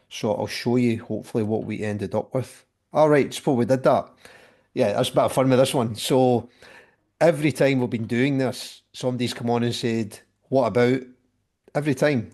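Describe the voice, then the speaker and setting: A man's voice: medium pitch, a little mellow. A man hosting a casual panel chat about music, talking with many fillers and restarts. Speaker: podcast host.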